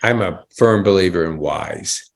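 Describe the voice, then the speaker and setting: A man's voice: deep voice, unhurried. A man hosting an interview, enthusiastic and rambling, often restarting his sentences. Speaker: podcast host. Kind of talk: casual interview chat.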